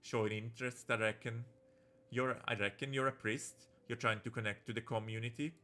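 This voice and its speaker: A man's voice: fairly even intonation, a little fast, pushed and bright, close to an everyday voice. A man voicing a shy, guarded young farmer of few words, who talks in clipped, plainspoken phrases. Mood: reserved. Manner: clipped, low-key, plainspoken.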